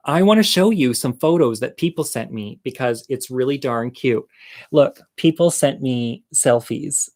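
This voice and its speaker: Campy, candid male storyteller. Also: medium pitch. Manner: campy, candid and self-deprecating; chatty asides to the viewer. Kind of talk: casual comic storytelling monologue.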